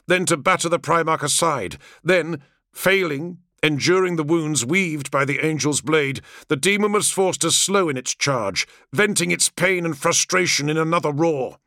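Male narrator, slightly high and bright tone, dry close sound, measured dramatic reading. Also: dry recording. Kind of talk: scripted audiobook narration.

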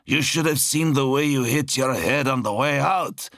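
A man voicing a gruff, wounded male space warrior with a hard, edged voice who swears and mocks in an audiobook. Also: mid-range voice, measured pace, a bit bright, no echo, studio quality, voice pushed up. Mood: mocking. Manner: swearing, mocking.

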